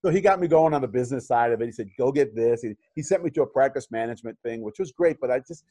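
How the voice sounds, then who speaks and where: A man's voice: medium pitch, fast, warm tone, no room sound. Rambling middle-aged man, dry sound. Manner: rambling, many fillers and restarts. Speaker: chiropractor and practice coach. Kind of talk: casual interview conversation.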